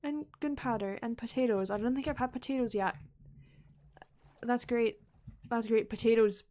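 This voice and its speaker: A woman's voice: fairly high pitch, moderate pace, warm tone. A woman streaming a game, talking to herself in a playful, chatty way, often repeating words and dropping into whispered asides. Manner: playful, chatty self-talk while playing. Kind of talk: live gameplay commentary.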